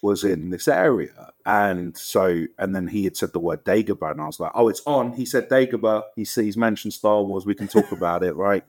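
A man in his thirties with a London accent, telling lively anecdotes as a guest on an interview podcast, acting out what others said. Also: a little fast, dry recording, studio quality. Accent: London English. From England. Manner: animated storyteller, acts out quotes with jumps in pitch. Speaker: guest actor.

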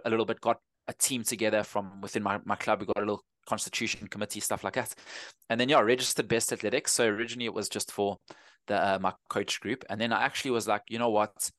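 Guest: 30s South African man, low voice, dry close sound, relaxed and rambling. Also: fast, no room sound. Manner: easygoing, rambling with frequent restarts. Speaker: running coach, guest. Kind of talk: casual interview chat.

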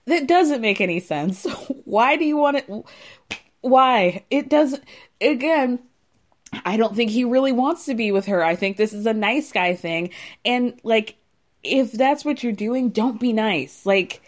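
A woman recapping a reality show in casual chat, animated and laughing often as she acts out quotes. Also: on the high side, unhurried.

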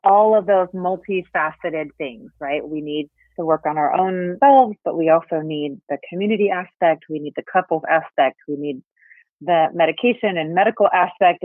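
A woman in her thirties, a guest expert, calmly explaining and acting out example phrases in casual conversation. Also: lowish voice, moderate pace, dry recording. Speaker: podcast guest, perinatal mental health specialist. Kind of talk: casual interview chat. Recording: phone-line audio, dry.

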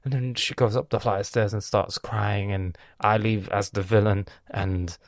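A young man hosting a podcast, telling a story in an animated, sweary, self-mocking way. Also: lowish voice, normal speed, dry recording, clean studio sound. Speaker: podcast host. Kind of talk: casual storytelling monologue.

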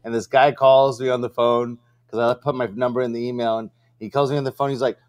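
A man's voice: medium pitch, quick pace, hardly any pauses. A man co-hosting a business livestream, telling stories casually with lots of fillers and acted-out quotes. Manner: animated storyteller, acts out quoted voices, many fillers. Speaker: co-host of a vending business livestream. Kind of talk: casual storytelling chat.

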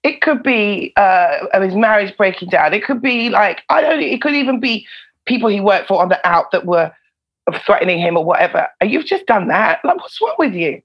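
A woman tells prison stories in a loose, animated way, swearing freely as she goes. Her mid-pitched voice is gravelly and husky. The recording sounds a little dull and lo-fi. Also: normal speed. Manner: animated, swears freely, laughs between lines. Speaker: former prison officer and comedian. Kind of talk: casual storytelling in a podcast interview.

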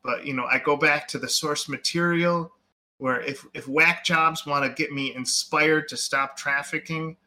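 A man's voice: on the high side, steady tone, a little slow, sharp tone. A man co-hosting a podcast, chatting casually about movies, rambling and full of fillers. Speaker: podcast co-host.

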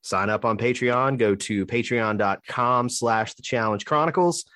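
A man from Alabama hosting a casual podcast chat in a relaxed, chatty way. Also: medium pitch, a little slow, no room sound, studio quality. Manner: relaxed, chatty, plugs the show. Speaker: podcast host.

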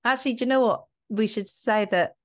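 A woman with a hoarse, husky voice from illness, co-hosting a podcast in casual, chatty conversation. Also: fairly high pitch, slight background noise. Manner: chatty, laughing, quick asides. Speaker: podcast co-host. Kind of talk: casual chat.

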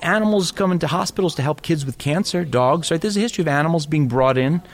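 A middle-aged man from Boston and New York, chatting about innovation and acting out characters as he tells jokes. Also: fairly high pitch. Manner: animated storyteller, quick, acts out characters. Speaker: speaker on innovation. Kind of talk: casual chat with comic impressions.

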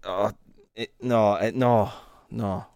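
A man's voice: lowish voice, steady tone, slow pace, darkish tone, smooth, no echo, studio quality. A Scottish man co-hosting a podcast in casual chat, rambling and sweary, restarting his sentences. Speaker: podcast co-host.

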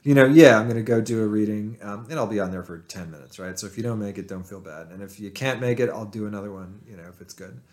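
Profane rambling man, low voice. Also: quick pace, few pauses, a little mellow. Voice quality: nerdy voice. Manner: profane, rambling, self-deprecating. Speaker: podcast guest, writer. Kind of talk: casual chat.

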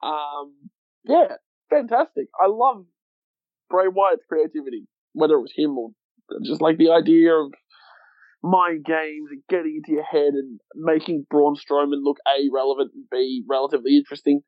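A man's voice: a little high, fairly even intonation, normal speed, no echo, narrow, tinny audio. A man co-hosting a podcast, chatting casually and with enthusiasm, swearing now and then. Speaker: podcast co-host. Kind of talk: casual wrestling chat.

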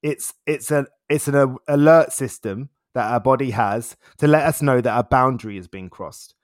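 A man's voice: medium pitch, normal speed, dry recording, clean studio sound. A man as an interview guest, talking in a reflective, casual way, laughing often and repeating words as he thinks.

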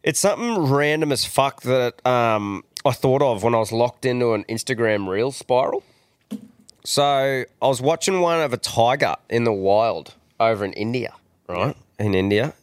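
Casting: young Australian man, podcast host, crude jokey banter, smooth voice. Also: medium pitch, moderate pace, dry recording, studio quality. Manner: crude, jokey, animated storyteller. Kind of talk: casual banter.

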